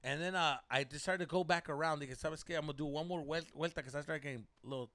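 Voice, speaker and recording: A man telling a story on a podcast, animated, swearing often and mixing slang into his English. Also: a little high, fast talker, dry recording. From Mexico. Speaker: podcast co-host. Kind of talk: casual storytelling chat.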